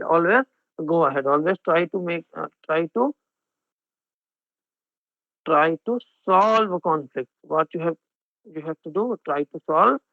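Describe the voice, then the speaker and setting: Teaching an online exam-prep class, the man uses a slightly high voice with vocal fry and an Indian English accent. He switches between Hindi and English and frequently checks in with students, and the recording is dry and phone-like narrow band with no echo.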